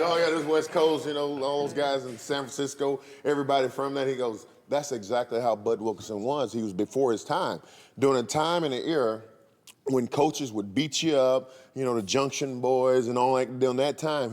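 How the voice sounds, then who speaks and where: A middle-aged man from Arkansas, a former player animatedly telling a story on a reunion panel and acting out the voices. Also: medium pitch. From Arkansas, USA. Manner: animated, laughing, acts out voices in his anecdote. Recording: echoey hall.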